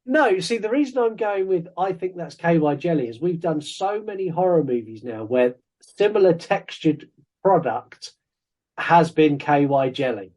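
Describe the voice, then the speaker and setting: A man's voice: fairly high pitch, animated, unhurried, darkish tone. A man co-hosting a podcast, chatting casually and jokingly as he reviews a horror film. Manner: rambling, jokey, self-interrupting. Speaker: podcast co-host.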